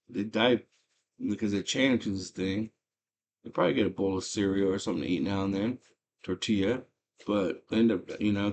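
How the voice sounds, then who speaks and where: A man casually retelling a movie's plot as a host, animated and slangy, with lots of fillers. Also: lowish voice.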